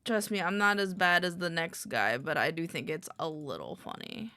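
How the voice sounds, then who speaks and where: A woman's voice: on the low side, expressive, normal speed, pushed and bright, no echo. A woman streamer in casual live-stream chat at a desk microphone, rambling, muttering lists to herself and greeting her chat.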